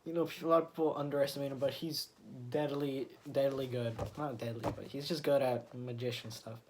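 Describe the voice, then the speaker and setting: A man's voice: mid-range voice, steady tone, fairly quick, noisy background. Rambling man recapping a comic. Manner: rambling, full of fillers and restarts; retells scenes with quoted lines. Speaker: comic book reviewer.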